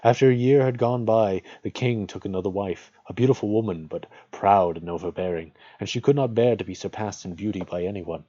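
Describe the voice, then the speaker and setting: A man reading a fairy tale aloud at a measured, unhurried pace, as host of a regular reading. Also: on the low side, mellow, breathy edge, dry recording, dull audio.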